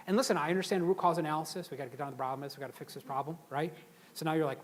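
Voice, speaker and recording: A middle-aged man giving a lively leadership seminar, often throwing questions to the audience. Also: a little high, racing. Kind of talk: live seminar talk to an audience.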